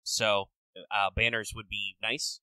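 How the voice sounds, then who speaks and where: A man co-hosting a podcast in casual chat, rambling and swearing with quick bursts of excitement. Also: on the low side, no room sound, low-quality recording. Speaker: podcast co-host.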